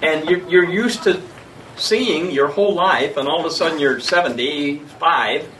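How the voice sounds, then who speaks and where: A man's voice: fairly high pitch, unhurried, a bit bright, recorded from a distance, low-quality recording. A man leading a group discussion, prompting and explaining. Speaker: discussion leader.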